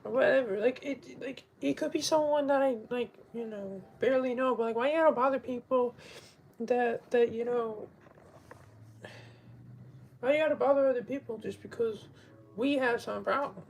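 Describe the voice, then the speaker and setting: A man's voice: extremely high pitch, moderate pace, vocal fry, slight background noise, poor audio. A man on a casual livestream, rambling with many fillers and restarts, upset and pleading.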